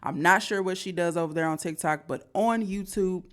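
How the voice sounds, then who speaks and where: A woman's voice: fairly low pitch, brisk. A woman hosting a reaction video, chatting casually to viewers and often checking in with "okay?". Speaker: host.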